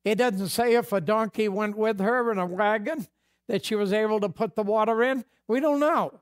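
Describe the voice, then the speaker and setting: New england pastor guy, highish voice, folksy sermon, acts out dialogue. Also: normal speed.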